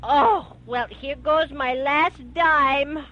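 A woman's voice: sits high, drawn-out words, pushed and bright, heavily acted. A woman playing an exasperated caller in a homemade comedy radio play, who mutters asides to herself. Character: exasperated woman caller on a bad phone line. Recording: dull lo-fi recording.

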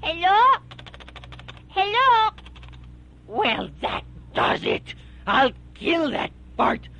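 A woman's voice: very high-pitched, wildly swooping pitch, extremely slow, creaky, sharp tone, soft background music, exaggerated voice. A woman playing an exasperated caller in a homemade comedy radio play, who mutters asides to herself. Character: exasperated woman caller on a bad phone line. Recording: dull lo-fi recording.

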